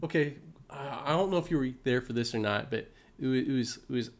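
A man's voice: mid-range voice, fast. Giggly young man telling a story. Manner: giggly, repeats himself, frequent "right?". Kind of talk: casual storytelling chat.

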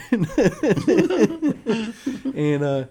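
A man's voice: very high voice, big pitch swings, drawn-out words, warm tone, breathy edge. A young man telling a story in casual chat, laughing often and acting out his friends' voices.

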